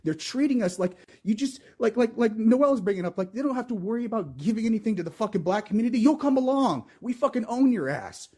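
A man's voice: high voice, animated, fast talker, hardly any pauses, a little mellow, slightly rough. A man co-hosting a call-in podcast, swearing heavily and stumbling over repeated words as he vents about politics. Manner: profane, emotional, repeats words when worked up. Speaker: podcast co-host. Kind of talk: heated political chat.

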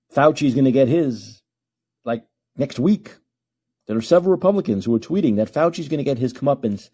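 A man's voice: mid-range voice, dark tone, slightly rough. A man hosting a call-in podcast, ranting emphatically and repeating himself for effect. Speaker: podcast host.

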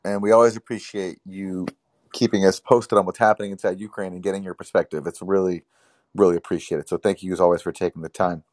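A man's voice: low voice, little pitch movement, fast talker, a little mellow, dry recording, studio quality. A man co-hosting a live call-in show, thanking a caller and signing off politely. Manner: polite, appreciative. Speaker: co-host. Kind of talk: casual show sign-off.

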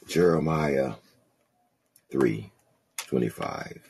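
A man preaching a sermon, reading scripture slowly and then exhorting his listeners with growing intensity. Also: rumbling low, vocal fry, a little mellow, a little hiss or hum. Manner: slow, reads scripture aloud then preaches with rising intensity. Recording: call-in podcast audio.

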